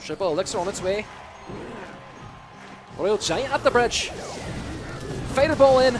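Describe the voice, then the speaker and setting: A man doing a high-pitched, excitable Scottish esports caster. He calls the game with big exclamations over clear background music. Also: unhurried. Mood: excited. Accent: put-on Scottish. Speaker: esports commentator. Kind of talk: live game commentary. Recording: music behind the voice.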